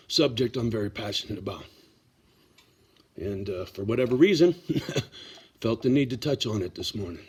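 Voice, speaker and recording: A man's voice: mid-range voice, animated, a little fast, husky. A middle-aged man telling a personal story in a casual vlog, blunt and profane, getting worked up as he talks. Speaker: vlogger.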